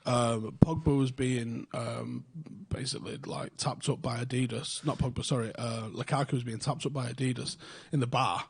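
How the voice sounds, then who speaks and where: A young man, telling a story in casual podcast chat, swearing freely and getting animated when excited. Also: mid-range voice, normal speed, creaky, hardly any pauses, breathy edge. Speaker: podcast host.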